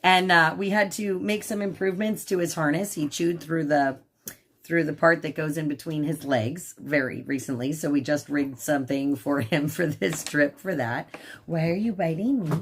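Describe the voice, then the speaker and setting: A woman hosting a casual livestream from her home. She rambles with many fillers and switches to high baby talk for her dog. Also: fairly even intonation, moderate pace, slight background noise. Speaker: livestream host. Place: at home indoors.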